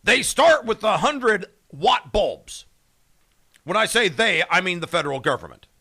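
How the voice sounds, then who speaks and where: A man hosting a morning radio show, excitable and jokey with rapid asides. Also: sits high, gravelly, slightly rough. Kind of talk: casual radio chat.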